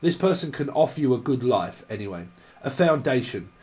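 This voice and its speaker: This man delivers a casual tarot reading in a vlog. He rambles through irreverent tangents and laughs often. His voice sits in a middle pitch range. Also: sing-song, fairly quick, darkish tone. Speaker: tarot reader.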